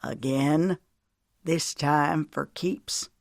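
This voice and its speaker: A narrator voicing Bertie, a grandmother in love, soft, teasing and emotional, lifting the voice higher for her. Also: steady tone, very slow, gravelly, no room sound, studio quality. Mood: tearful. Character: warm hopeful woman in love, older.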